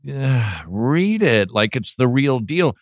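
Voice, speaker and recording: A man hosting a casual talk show, playful and teasing, with animated asides. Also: medium pitch, slow pace, no room sound, studio quality. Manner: playful, mocks flat reading with droning voice. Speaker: podcast host. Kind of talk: casual chat.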